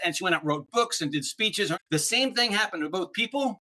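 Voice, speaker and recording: Male podcast guest, animated explainer, bright and slightly high voice. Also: brisk. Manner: animated, explanatory, peppers talk with "right?". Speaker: podcast guest, speaker on neuroplasticity. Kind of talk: casual interview chat.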